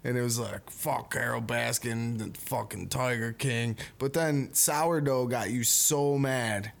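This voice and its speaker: A man's voice: mid-range voice, fairly even intonation, measured pace, vocal fry. A man co-hosting a casual podcast, chiming in with dry teasing remarks. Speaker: podcast co-host. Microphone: studio microphone with mixer.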